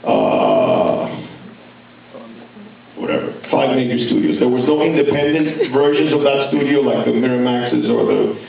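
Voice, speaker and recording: A man's voice: medium pitch, vocal fry, slight background noise. A man in his fifties speaking at a conference, telling stories in a rambling, conversational way with many restarts. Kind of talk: speech at a university conference. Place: large hall with audience. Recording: echoey hall, distant mic, dull sound.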